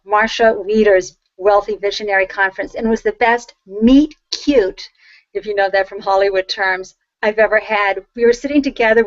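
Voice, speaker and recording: A woman's voice: fairly high pitch, no echo, highs cut off. A woman with a Boston accent hosting an interview show, gushing and effusive as she introduces her guest. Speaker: host.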